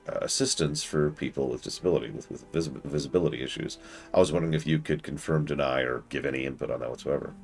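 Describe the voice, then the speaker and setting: A man's voice: a bass voice, gravelly. A man streaming a game, chatting casually as he thinks aloud and answers his chat. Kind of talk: casual gameplay commentary.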